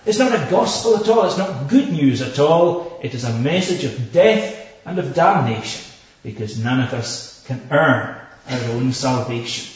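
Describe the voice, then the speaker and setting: A man preaching a sermon with slow, emphatic delivery, stressing repeated words and reading scripture in old formal English. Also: mid-range voice, expressive. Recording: echoey, distant, dull hall recording.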